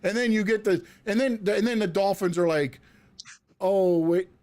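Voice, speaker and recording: A man's voice: sits high, a little fast, darkish tone. A man co-hosting a casual sports podcast, rambling with lots of restarts and fillers. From South Florida. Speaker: podcast co-host.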